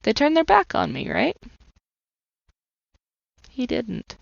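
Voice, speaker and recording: A woman's voice: high voice, wildly swooping pitch, slow, vocal fry, dry recording. Female podcast host and coach, 30s, earnest testimony, slightly muffled recording. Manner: earnest, emotionally open storytelling. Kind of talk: personal testimony monologue.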